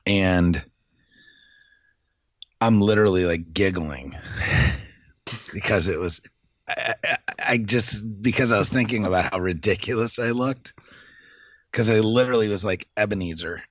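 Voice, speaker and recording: A man co-hosting a casual chat, telling stories in a relaxed way and chuckling at himself. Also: fairly low pitch, unhurried, long pauses, no room sound. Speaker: podcast co-host. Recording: dull, dry lo-fi mic.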